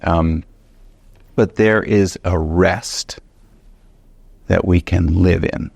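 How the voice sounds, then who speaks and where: A man teaching a Bible study, telling a personal story in an animated, conversational way with many fillers and restarts. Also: low voice, very slow, creaky, slightly rough, dry recording.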